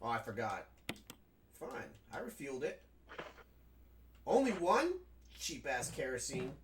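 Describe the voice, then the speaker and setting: A man's voice: mid-range voice, very animated, measured pace, slight background noise. A man playing a video game and chatting casually, rambling and frank, with frequent swearing. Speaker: gaming streamer. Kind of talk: casual commentary while playing.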